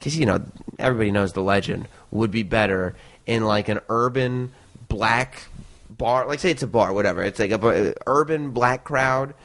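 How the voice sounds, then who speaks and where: A man who is a guest on a podcast, telling stories in an animated way and laughing often. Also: fairly low pitch, moderate pace. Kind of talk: casual storytelling.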